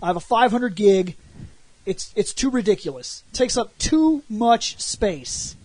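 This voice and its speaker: Animated man telling a gaming story. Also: high voice, measured pace, dry recording. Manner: animated storytelling, acts out quotes, swears freely. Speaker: podcast co-host. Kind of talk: casual gaming chat.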